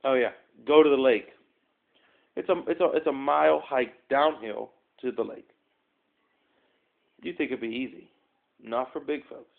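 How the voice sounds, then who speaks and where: A man's voice: mid-range voice, moderate pace, vocal fry, long pauses. A man telling a rambling, self-mocking story to his phone's front camera, full of fillers and asides. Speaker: vlogger. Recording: tinny phone-quality audio.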